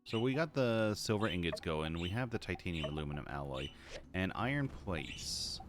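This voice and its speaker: Male streamer, deeper voice, loose rambling chat over clear background music. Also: expressive, moderate pace. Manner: rambling, repeats phrases and restarts. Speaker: game streamer. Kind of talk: casual live-stream chat.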